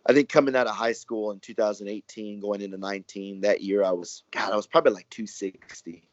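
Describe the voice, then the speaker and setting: A man, a wrestler telling stories in a relaxed interview, rambling and acting out what others said. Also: fairly low pitch, brisk, dry recording. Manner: rambling, animated, acts out quoted dialogue. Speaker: professional wrestler and guest. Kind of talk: casual storytelling interview. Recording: dry, muffled lo-fi audio.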